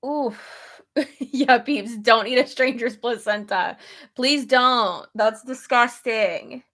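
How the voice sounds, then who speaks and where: A woman's voice: on the high side, takes it slowly. A young woman chatting casually on a livestream, telling stories with lots of laughs and swearing, and pregnant. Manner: chatty, profane and laughing, with animated storytelling. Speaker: streamer.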